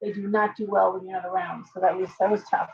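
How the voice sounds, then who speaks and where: A woman's voice: mid-range voice, little pitch movement, fast talker, gravelly, a little hiss or hum. A woman hosting a casual livestream from home, chatting loosely and breaking off to talk to her pet bird. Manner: chatty, talks to her parrot in baby talk. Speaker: livestream host and tarot reader. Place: home room with open windows. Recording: dull lo-fi livestream audio.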